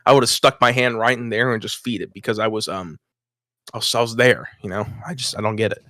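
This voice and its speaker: Animated young man telling a story. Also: fairly low pitch, fairly quick, no echo, clean studio sound. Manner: animated, swears often, laughs mid-story. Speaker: podcast co-host. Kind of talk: casual storytelling chat.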